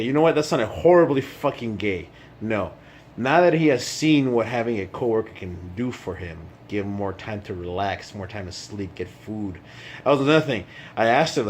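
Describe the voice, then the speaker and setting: Rambling, profane low-voiced man. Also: slight background noise. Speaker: vlogger. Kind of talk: casual vlog chat.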